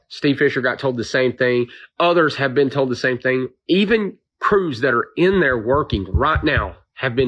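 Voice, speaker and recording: A man's voice: mid-range voice, lively intonation, moderate pace, few pauses, slightly rough, lo-fi sound. An emotional man, venting in a frustrated, pleading rant about being told to stand down. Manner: frustrated, pleading, repeats himself. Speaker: volunteer with drones and trucks. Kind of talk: impassioned video rant.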